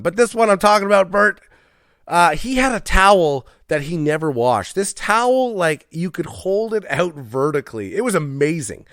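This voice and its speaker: A man's voice: on the high side, a bit bright, no echo, clean studio sound. A man hosting a solo comedy podcast from his garage, rambling, self-deprecating and swearing often. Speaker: podcast host. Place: home garage.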